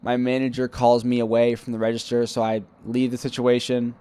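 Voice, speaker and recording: A man's voice: mid-range voice, a little fast, smooth, dry recording. Rambling young man telling a story. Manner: rambling, self-critical, animated retelling with quoted dialogue. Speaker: vlogger telling a personal story. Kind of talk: casual storytelling monologue.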